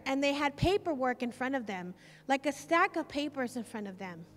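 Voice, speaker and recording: Woman preacher, very high and bright, fervent repetitive delivery, long hall reverb. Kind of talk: sermon testimony.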